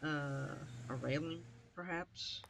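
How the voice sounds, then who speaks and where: A woman's voice: deep voice, slow pace, vocal fry, noisy background. A woman streamer giving playful, teasing commentary over a video game. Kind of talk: gameplay commentary.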